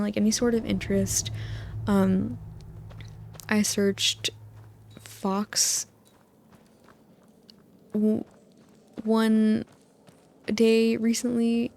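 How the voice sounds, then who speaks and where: A young woman rambling softly for a sleep-aid gaming video, drifting from topic to topic and often sliding into a whisper, close on a desktop microphone. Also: medium pitch, gravelly. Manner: rambling and tangential, many "like"s, drifting into soft whispers. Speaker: gaming channel host. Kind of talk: soft-spoken sleep-aid rambling over gameplay. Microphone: desktop USB mic.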